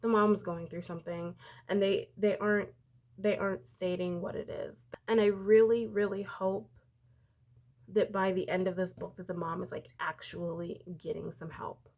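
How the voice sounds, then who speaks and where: A woman's voice: mid-range voice, flat delivery, normal speed, darkish tone. A woman and parent talking casually in a book vlog, rambling with lots of "like" and restarts. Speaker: book vlogger. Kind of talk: casual book review chat.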